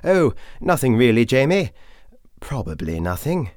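A man voicing a brisk, kindly, distracted middle-aged traveller in a breezy, evasive manner. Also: medium pitch, very animated, a little mellow, dry recording, clean studio sound, pitched above the performer's own voice.

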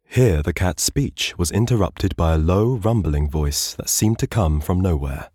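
A man narrating an audiobook in a measured, expressive storytelling manner. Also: deep voice, slightly rough, dry recording, clean studio sound. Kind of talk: audiobook reading.

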